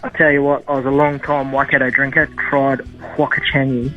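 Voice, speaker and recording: A man's voice: medium pitch, level tone, brisk, dull audio, faint music behind, close to an everyday voice. An actor playing a grumpy, scornful male radio caller with a New Zealand accent. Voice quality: blunt, scornful.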